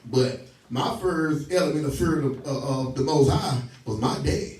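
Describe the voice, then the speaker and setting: A man's voice: mid-range voice, unhurried, darkish tone, recorded from a distance, slight background noise. A man leading a scripture study, preaching emphatically, stopping his reader to repeat and question each line and telling folksy stories. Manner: folksy, tells stories with laughs. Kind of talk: call-and-response preaching. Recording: roomy echo, voice from off the mic.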